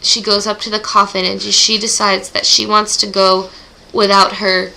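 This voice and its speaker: Gushing teen girl with a creaky voice. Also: mid-range voice, little pitch movement, normal speed, pushed and bright, low-quality recording. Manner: gushing, emotional, groaning sighs. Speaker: book club vlogger. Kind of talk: casual chapter recap vlog.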